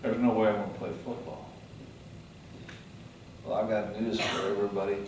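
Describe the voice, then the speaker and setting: A man giving a motivational speech, telling his story dramatically, swinging from hushed to loud. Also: lowish voice, fairly even intonation, normal speed, far from the mic, slight background noise. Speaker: motivational speaker. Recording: echoey hall, mic from afar.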